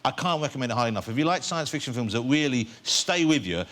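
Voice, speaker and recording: A man's voice: mid-range voice, expressive, fast talker, fairly bright tone. A man hosting a talk show, joking and teasing his guests in casual chat. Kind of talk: chatty interviewing. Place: TV studio.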